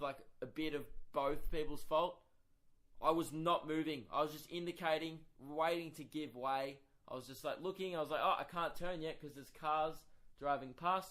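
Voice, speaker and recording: Young Australian male comic, slightly high voice, sweary and exasperated, solo podcast storytelling. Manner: profane, exasperated, animated ranting. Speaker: comedian and podcast host. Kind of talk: casual comic storytelling monologue.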